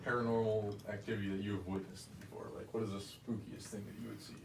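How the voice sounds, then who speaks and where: A man's voice: lowish voice, little pitch movement, fast talker. A man interviewing someone, asking loose, casual questions. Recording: distant roomy recording with faint noise.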